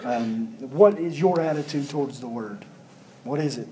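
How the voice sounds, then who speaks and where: A man's voice: medium pitch, normal speed, crowd noise, rough recording. A man preaching a sermon as pastor, building emphasis through repeated phrases.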